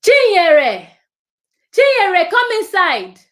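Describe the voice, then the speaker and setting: A woman's voice: a little high, animated, brisk, close to an everyday voice. A woman acting out an adult relative who impatiently scolds a small child. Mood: scolding. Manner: loud, impatient, nagging.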